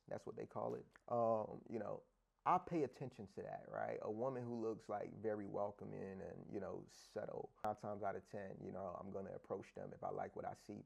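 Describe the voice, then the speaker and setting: A man from Africa, an interview guest telling stories in a casual, animated, profane slang style, acting out dialogue in other voices. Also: lowish voice, vocal fry. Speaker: interview guest, sports bettor. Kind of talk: casual storytelling chat.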